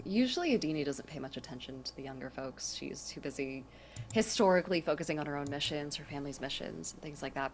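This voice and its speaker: Low woman, tabletop player, soft-spoken. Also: slight background noise. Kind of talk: tabletop role-play.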